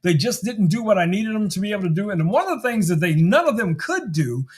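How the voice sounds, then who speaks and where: A man hosts a relaxed tech livestream and pitches gadgets to his viewers in a chatty, salesy way. His voice sits high for a man, and he talks straight to the people watching. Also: fast talker. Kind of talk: casual product demo livestream.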